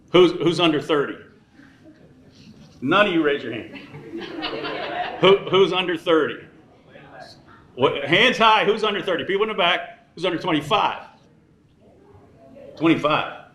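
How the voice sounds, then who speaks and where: A man in his sixties works the room at a dinner, trading jokes and thank-yous with a bright, lifted voice. His words bounce around a large echoey banquet hall with faint room noise underneath. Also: fairly high pitch, lively intonation, normal speed, long pauses. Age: 60s. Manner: wisecracking, teasing the audience. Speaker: dinner emcee. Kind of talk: joking dinner speech.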